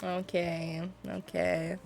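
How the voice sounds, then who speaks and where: A woman's voice: on the low side, little pitch movement, drawn-out words, creaky. A young woman streamer chatting casually, giggling often and rambling through her stories. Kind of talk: casual chat on a game stream.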